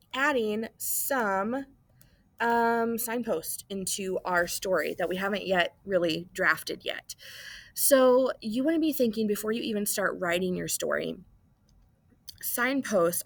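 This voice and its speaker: Recorded on a computer mic with no room sound, a woman teacher with a medium-pitched voice walks students through a writing lesson. She explains casually, often checking in with "okay?" and "right?"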